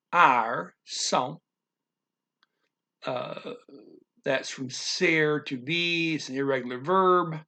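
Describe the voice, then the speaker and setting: A man teaching a language lesson, going through a text word by word in a halting, explanatory way with many pauses and restarts. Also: mid-range voice, vocal fry, pushed and bright. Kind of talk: casual language lesson walkthrough.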